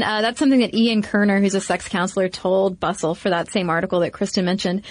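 A woman's voice: mid-range voice, no room sound. Woman podcast co-host, chatty explainer, dry close mic. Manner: explains research in a chatty, lively way. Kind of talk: casual podcast chat.

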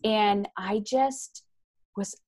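A woman guest telling a personal story frankly and with energy, acting out the voices of people she quotes. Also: mid-range voice. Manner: frank and animated, acts out quoted voices, quick asides. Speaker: guest, author. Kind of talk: candid personal storytelling in conversation. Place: lives in Ontario, Canada.

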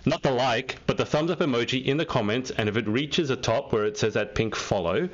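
A man's voice: medium pitch, fairly quick. A man hosting a live-stream interview, chatty and teasing, laughing often. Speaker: host. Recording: dull lo-fi stream audio.

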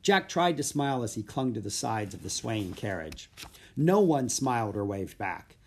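A man narrating a children's audiobook in a steady, plain storytelling voice. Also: on the low side, normal speed, slight background noise.

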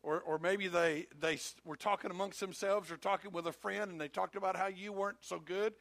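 A man's voice: sits high, steady tone, a little fast, creaky, fairly bright tone, no echo. A male pastor preaching a sermon, emphatic and repetitive, who speaks directly to his congregation.

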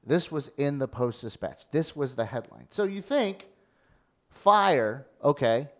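A man co-hosting a casual chat, telling a story with animated flourishes and easy laughs. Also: medium pitch. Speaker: podcast co-host.

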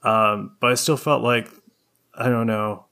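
A man co-hosting a casual podcast chat, talking in a relaxed, rambling way with lots of fillers. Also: medium pitch, unhurried, creaky. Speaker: podcast co-host.

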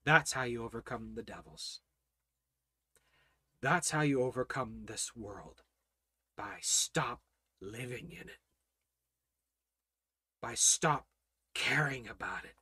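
A man preaching a Bible study in a high, bright voice. He moves between ringing declarations and hushed, prayerful murmurs. The sound is dry and close. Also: slow, long pauses, no echo. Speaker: Bible teacher.

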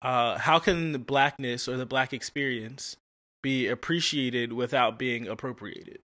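A man hosting a podcast in a relaxed, joking, slangy way, asking questions and riffing. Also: medium pitch, measured pace. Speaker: podcast host. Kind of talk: casual conversation.

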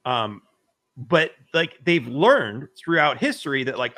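Rambling, profane man on a bright-toned call. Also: mid-range voice, sing-song, a little slow. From United States. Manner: rambling, profane, full of fillers and restarts. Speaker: podcast host. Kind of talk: casual political chat.

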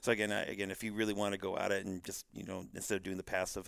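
A man answering as a company guest on a podcast, halting and full of restarts. His voice is very deep, gravelly, and flat in tone, and the sound is dry. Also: dry recording. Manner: halting, many restarts and fillers. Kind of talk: casual podcast interview.

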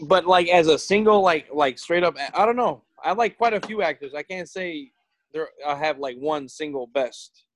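Slightly high-voiced man, hesitant chat. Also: moderate pace, slight background noise. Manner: hesitant, many fillers. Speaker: podcast co-host. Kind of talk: casual chat.

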